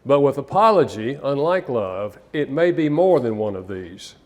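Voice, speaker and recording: A man's voice: mid-range voice, big pitch swings, normal speed. Guy giving a relationship seminar, chatty storyteller, trips over words now and then. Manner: conversational, storytelling, some repeated restarts. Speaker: counselor giving a seminar talk. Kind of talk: live seminar talk with anecdotes.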